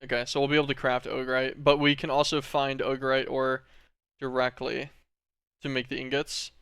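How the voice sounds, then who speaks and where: Playing through a game on stream, this man rambles easily as he thinks out loud, often saying "um" and "like." His voice is smooth and mid-range at normal speed, captured in a dry, close recording.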